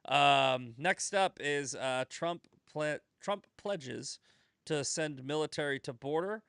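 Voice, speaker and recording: Profane, animated man hosting a podcast. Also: fairly high pitch, takes it slowly, creaky, clear, resonant tone, no echo, clean studio sound. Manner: profane, animated, tells jokes with put-on voices. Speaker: podcast host. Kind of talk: casual political chat.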